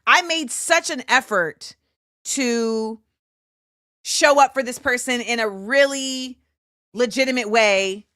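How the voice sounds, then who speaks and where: A woman, hosting a show and telling a story in a casual, animated way. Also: on the high side, slow pace, no echo, studio quality. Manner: animated, acts out quoted voices, laughs often. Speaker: show host.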